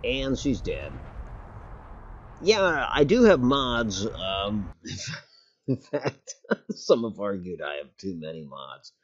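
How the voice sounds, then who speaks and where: Rambling low-voiced man streaming a game. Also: sing-song, takes it slowly, long pauses, muffled recording. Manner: rambling, self-correcting, swears casually. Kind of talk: casual gameplay commentary. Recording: loud game gunfire behind voice. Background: game gunfire and artillery.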